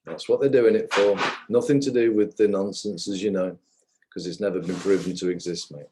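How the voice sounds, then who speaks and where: A man's voice: low-pitched, fairly even intonation, fairly quick, background noise. A man giving indignant, ranting commentary on a livestream, swearing as he goes.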